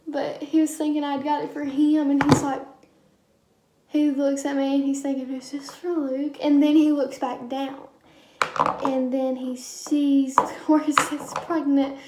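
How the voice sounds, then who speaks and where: Young woman, casual vlogger, high-pitched and chatty, recorded in a roomy space. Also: warm tone, a little hiss or hum. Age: young adult. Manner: chatty, rambling, lots of ums and quoted dialogue. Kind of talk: casual storytelling vlog.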